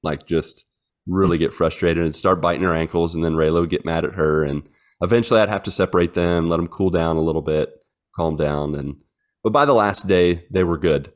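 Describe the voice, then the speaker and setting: Podcast co-host, man, 30s, very low voice, chatty storyteller with lots of fillers. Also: fairly quick. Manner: rambling storyteller, many fillers, acts out his dogs in silly voices. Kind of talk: casual chat.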